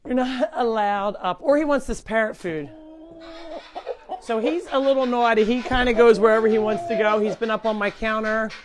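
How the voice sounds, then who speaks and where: A woman's voice: on the high side, steady tone, brisk, background noise. A middle-aged woman hosting a casual live stream from her animal sanctuary at home, chatting and talking to her pets in a sing-song way. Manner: chatty, talks to animals in a baby voice.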